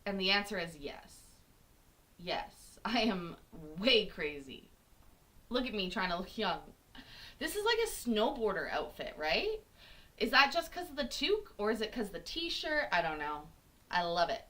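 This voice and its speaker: A woman's voice: medium pitch, animated, a little slow, pushed and bright. A young woman, born in Scotland, chatting casually as a host and poking fun at herself with a giggle. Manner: chatty, self-mocking, giggly. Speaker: host reacting to court videos. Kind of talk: casual chat.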